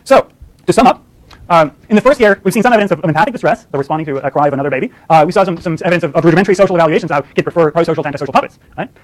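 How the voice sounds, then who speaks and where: A man's voice: on the high side, lively intonation, racing, low-quality recording. A man giving a university lecture, often stopping to ask "right?" and restarting his sentences. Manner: lots of fillers and restarts, asks "right?" often.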